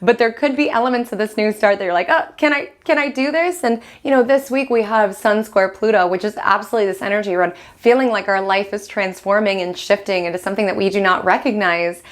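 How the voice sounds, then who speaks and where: Animated woman hosting an astrology forecast. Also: mid-range voice, quick pace, hardly any pauses. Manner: animated storytelling with quoted inner voices. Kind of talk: casual astrology forecast monologue.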